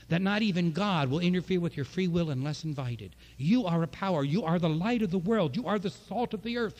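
A man's voice: fairly high pitch, darkish tone. A man preaching a sermon from the pulpit, impassioned, with repeated phrases and rising emphasis. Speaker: pastor.

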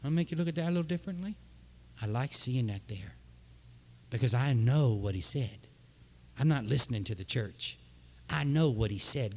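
A man delivering a sermon to his congregation. His voice is mellow and warm, and he preaches with passion, building emphasis through repeated lines. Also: mid-range voice. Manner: impassioned, preaching with rising emphasis and repetition. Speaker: pastor.

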